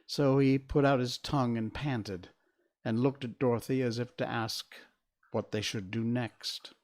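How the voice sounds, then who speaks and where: A man reading a storybook aloud as a stream host, in an unhurried, expressive manner. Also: mid-range voice. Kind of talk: storybook narration.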